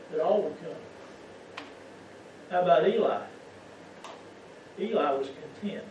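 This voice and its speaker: A man's voice: on the high side, darkish tone, slight background noise. A man gives a folksy sermon as a lay preacher, often putting questions to the congregation. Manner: folksy, keeps asking the congregation rhetorical questions. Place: church sanctuary. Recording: echoey, muffled church sound from far off.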